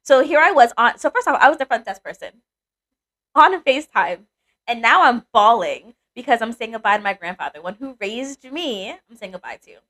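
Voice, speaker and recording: A young adult woman co-hosting a podcast, telling a personal story in casual chat, animated and swearing freely. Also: on the high side, normal speed. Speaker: podcast co-host.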